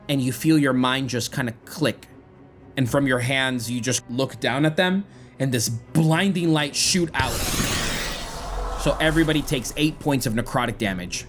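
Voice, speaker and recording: A man's voice: medium pitch, a little slow, soft background music. A man narrating a tabletop game as game master, describing the scene dramatically.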